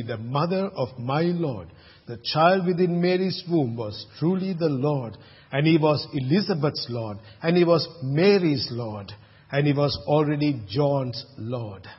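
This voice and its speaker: A man's voice: fairly high pitch, expressive, normal speed, breathy edge, big-room sound, muffled recording. A man from Sri Lanka preaching a sermon as pastor, chatty and asking the congregation questions. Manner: conversational, asks the congregation questions.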